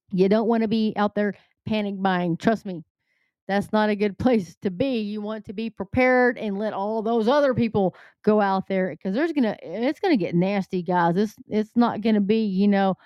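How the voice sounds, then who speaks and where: A woman's voice: medium pitch, normal speed, no room sound. Woman host, middle-aged, earnest and urgent, reading news and warning her listeners, dry close mic. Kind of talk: news commentary monologue. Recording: slightly dull lo-fi sound.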